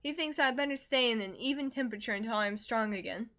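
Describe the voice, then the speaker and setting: A woman voicing a talkative young man who is recovering from a fever, brisk and jovial, in an audiobook reading. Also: fairly high pitch, sharp tone, dull audio.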